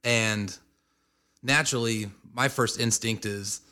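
Male guest, bright voice, casual amused storyteller. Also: mid-range voice, steady tone, slow pace. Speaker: band member guest. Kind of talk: storytelling interview.

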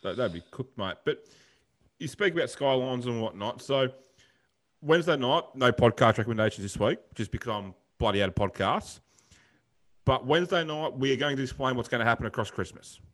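Brief: quick-fire Aussie co-host, blokey rambling chat, middle pitch. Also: male voice, a bit bright. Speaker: podcast co-host. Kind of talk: casual podcast chat.

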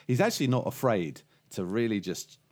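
A man's voice: lowish voice, big pitch swings, moderate pace. A man co-hosting a podcast, chatting casually and telling jokes with lots of fillers and restarts. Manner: rambling storyteller, lots of fillers and restarts, laughs at own jokes. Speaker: podcast co-host. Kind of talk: casual chat.

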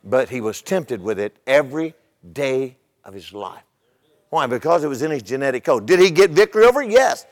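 A man's voice: mid-range voice, expressive, a little fast, in a large hall. An older man, a pastor, preaching a sermon in a conversational way, repeating his words and telling humorous stories.

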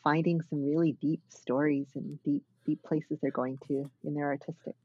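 A woman's voice: low-pitched, level tone, moderate pace, breathy edge, muffled recording. A woman dance artist talking thoughtfully as an interview guest, with many fillers and restarts. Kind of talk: reflective conversational interview.

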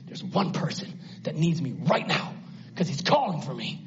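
Male preacher, high lively voice, dramatic, acts out the voices in the story, dull lo-fi recording. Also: normal speed. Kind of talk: sermon. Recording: dull lo-fi sound.

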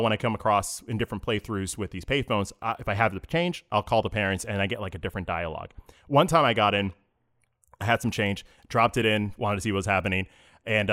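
Low-voiced man telling a story. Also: expressive, a bit bright. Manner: storytelling, halting restarts, acts out dialogue. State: emotional, near tears. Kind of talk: casual chat.

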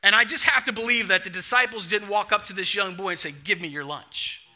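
Young male pastor, high bright voice, animated storyteller in the pulpit. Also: quick pace. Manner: animated storytelling, acts out dialogue. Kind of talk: sermon.

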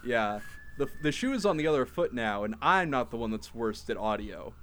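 A man's voice: medium pitch, sing-song, normal speed, a bit bright, slight background noise. A man hosting a casual podcast chat, rambling and reading online posts aloud with frequent laughs. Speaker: podcast host.

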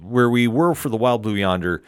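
A man's voice: medium pitch, expressive, moderate pace, clear, resonant tone, dry recording, clean studio sound. A man on a podcast panel, casually narrating a TV plot with emphatic rises and "like" fillers. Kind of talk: casual chat, episode recap.

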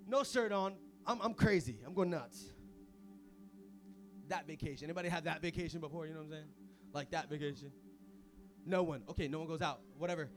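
A young man preaching an energetic sermon as pastor, casual and full of slang, swinging from hushed asides to shouting. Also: a little high, brisk, pauses often, faint music behind.

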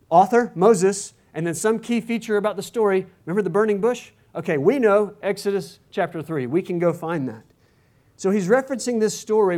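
A man with a fairly high voice delivers a sermon to his congregation. He preaches in a conversational way, often stopping to ask rhetorical questions. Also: a little mellow. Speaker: pastor.

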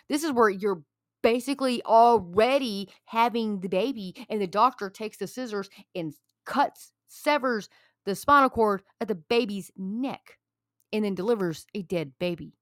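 A woman's voice: mid-range voice, no room sound. A woman talking straight to her viewers in an angry, heated rant, hammering the same points again and again like a preacher. Her voice sounds close and dry, with no room around it. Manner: heated, preachy, repeats herself.

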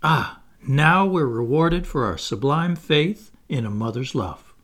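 A man's voice: mid-range voice, animated, unhurried, a bit bright. A man voicing a motherly young girl who tells bedtime stories, in a sweet, earnest storytelling tone.

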